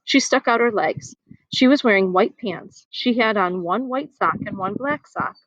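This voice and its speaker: A woman reading a children's novel aloud outdoors in the wind, animated and giving the characters voices. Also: medium pitch, normal speed, no echo, muffled recording. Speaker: reader. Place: outdoors, windy.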